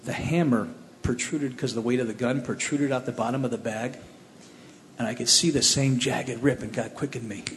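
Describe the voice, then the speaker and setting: A man from the Cleveland area tells his personal testimony, animated and plainspoken, with a middle-pitched voice. It is recorded in a roomy hall with a long reverb tail and faint ambience behind him. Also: moderate pace, a little hiss or hum. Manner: plainspoken, animated storytelling with restarts. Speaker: speaker telling his testimony.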